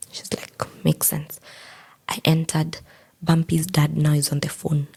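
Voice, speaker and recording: Husky, low Kenyan woman telling her story. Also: mellow. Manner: recounts events by acting out quoted dialogue. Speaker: podcast guest. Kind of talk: personal storytelling in a podcast.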